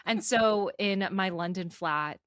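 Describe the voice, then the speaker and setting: A woman co-hosting a podcast in casual chat, full of fillers and quick asides. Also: medium pitch, fairly bright tone, no echo, studio quality. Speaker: podcast co-host.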